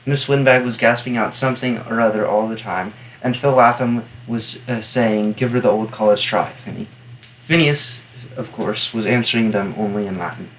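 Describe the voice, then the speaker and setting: A man reading a novel aloud in steady first-person narration, stopping now and then for wry, offhand comments on the text. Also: on the low side, normal speed, slight background noise, low-quality recording. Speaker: reader and annotator.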